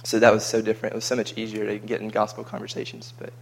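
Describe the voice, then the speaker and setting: Casual guy, low gravelly voice, flat delivery, rambling travel chat. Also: very fast. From United States. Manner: chatty and rambling, with frequent repeated words. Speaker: vlogger recounting a mission trip.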